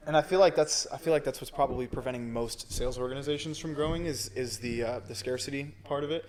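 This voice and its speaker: A man talks fast and loosely as a podcast host, stringing thoughts together with frequent fillers and restarts. His pitch sits in an ordinary middle range for a man. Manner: casual, rambling with fillers like "like" and restarts. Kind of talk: casual podcast conversation.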